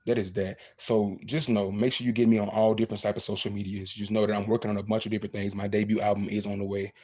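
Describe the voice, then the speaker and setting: A man's voice: fairly low pitch, little pitch movement, fast talker, darkish tone. A young man talking casually and earnestly to fans on a livestream, repeating himself for emphasis. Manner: earnest, repetitive, motivational.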